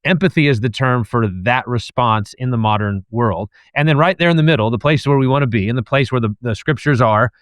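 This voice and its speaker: A man's voice: mid-range voice, a little fast, few pauses, clear, resonant tone, no echo. A man who is a guest author and professor, thoughtfully laying out an analogy step by step in a discussion. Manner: thoughtful, lays out ideas step by step.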